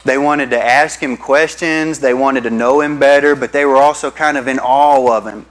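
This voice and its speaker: A male pastor with a slightly high voice preaches a sermon at normal speed, telling stories to his congregation and calling them "y'all." The recording is rough.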